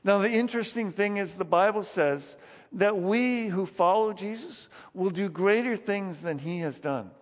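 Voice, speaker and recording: A man with a high voice preaching a sermon in a church hall with long reverb. He is lively and talks casually, acting out the scenes he tells. The sound is dull. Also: moderate pace. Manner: animated, acts out Bible scenes. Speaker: pastor.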